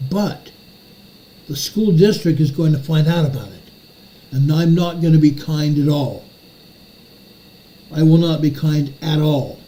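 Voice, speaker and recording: A man's voice: fairly high pitch, dark tone, rough recording. An older man hosting a commentary show, ranting furiously and repeating his phrases for emphasis. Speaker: show host.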